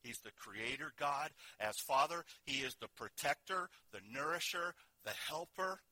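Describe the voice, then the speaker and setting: A man preaching a sermon, telling stories earnestly and moving between soft and loud delivery. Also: on the high side, expressive, a little slow, no echo, rough recording.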